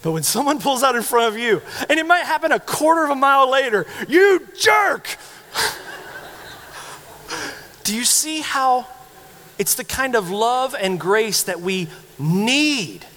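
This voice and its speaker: A man preaching a sermon as pastor, telling stories with animated, acted-out quotes. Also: high-pitched, big-room sound. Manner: animated storytelling, acting out quoted voices.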